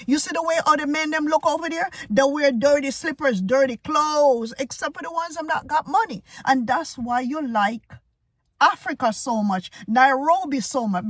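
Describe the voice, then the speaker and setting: Blunt, ranting woman with a higher voice. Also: a bit bright, dry recording. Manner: blunt, confrontational, repetitive. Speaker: vlogger. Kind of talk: ranting commentary video.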